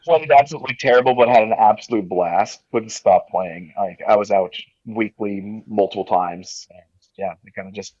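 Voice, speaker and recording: Low-voiced man from Nova Scotia, halting. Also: darkish tone, no room sound, muffled recording. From Nova Scotia, Canada. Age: 40s. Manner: easygoing, halting, many fillers and restarts. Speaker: podcast guest. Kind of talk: casual interview.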